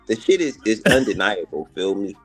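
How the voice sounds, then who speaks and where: A man's voice: fairly low pitch, big pitch swings, normal speed, a bit bright, slightly rough, faint music behind. A man arguing bluntly and with heavy profanity in a heated casual panel debate.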